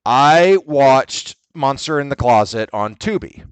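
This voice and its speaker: Smooth-voiced, blunt podcast man. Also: mid-range voice, lively intonation, slow pace, dry recording. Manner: blunt, offhand, swears casually. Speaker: podcast co-host. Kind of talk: casual group chat.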